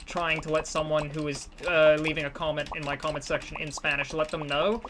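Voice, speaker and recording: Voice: medium pitch, level tone, a little fast, noisy background. A streamer chatting casually and rambling while playing a game, self-deprecating and often restarting sentences. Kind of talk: casual live-stream chat while gaming.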